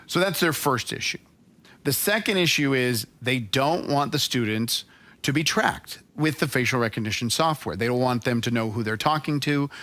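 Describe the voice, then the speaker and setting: Bright-voiced man co-host. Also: mid-range voice. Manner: opinionated, explains news plainly. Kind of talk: casual chat, news commentary.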